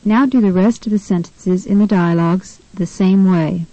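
A woman narrating a scripted language lesson, giving clear, measured instructions. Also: medium pitch, warm tone, dry recording, low-quality recording.

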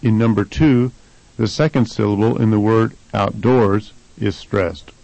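A man reading answers and sample dialogue lines for a scripted language lesson in a plain, even way. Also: fairly low pitch, measured pace, creaky, dry recording, low-quality recording. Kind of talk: scripted instructional narration.

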